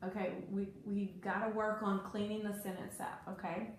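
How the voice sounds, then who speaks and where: A woman giving a one-on-one reading lesson, brisk and corrective as she prompts a child. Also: medium pitch, level tone. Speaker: reading tutor. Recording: echoey room with faint noise.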